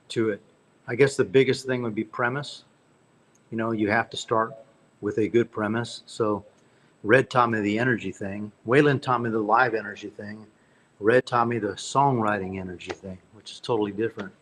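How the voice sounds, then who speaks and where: A man's voice: on the low side, slight background noise. A man, a country singer-songwriter guest, telling rambling folksy anecdotes in an interview. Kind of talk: storytelling interview.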